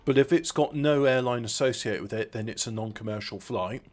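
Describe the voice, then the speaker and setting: A man's voice: medium pitch, darkish tone. Rambling man, stop-start chat. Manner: rambling, halting, with many restarts and fillers. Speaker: podcast co-host. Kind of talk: casual chat.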